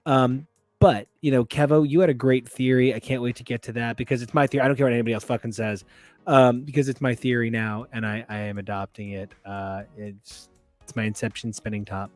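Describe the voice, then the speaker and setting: A man hosting a podcast in casual chat, telling long, animated stories with lots of fillers. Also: medium pitch, fairly quick, no room sound, faint music behind. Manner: rambling, animated storyteller. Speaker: podcast host.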